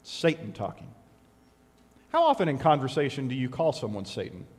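Animated preacher man in a reverberant hall. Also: medium pitch, fast. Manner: animated, conversational preaching with sudden loud bursts. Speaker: pastor. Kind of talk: sermon.

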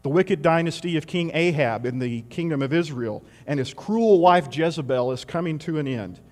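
A man's voice: fairly high pitch, animated, normal speed, a little mellow, in a large hall. A man preaching a sermon in a conversational way, asking rhetorical questions and adding wry asides.

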